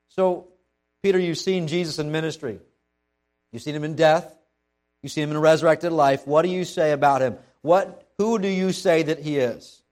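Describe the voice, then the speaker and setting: A male preacher delivering a sermon in a lively, conversational way. His voice sits a touch higher than most men's, and he often restarts his sentences mid-thought. Faint music plays underneath him. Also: normal speed. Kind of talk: sermon with dramatic scripture readings.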